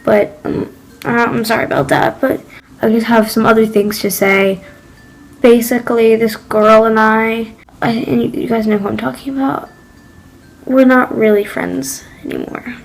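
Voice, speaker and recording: A teenage girl talks to her vlog audience in a halting, apologetic way, her voice a little high. She sounds choked up after crying and keeps stopping to correct herself. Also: fairly even intonation, creaky, rough recording. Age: teens. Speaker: vlogger. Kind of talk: confessional vlog talk.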